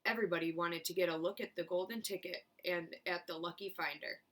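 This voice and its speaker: A woman teacher reading a children's chapter book aloud with clear, expressive narration. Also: lowish voice, brisk. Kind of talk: storybook read-aloud.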